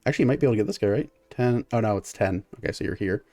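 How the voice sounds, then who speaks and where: As game master for a tabletop game, a man narrates casually, full of fillers, and counts out dice rolls. His voice is fairly low with a dark tone, and he races along.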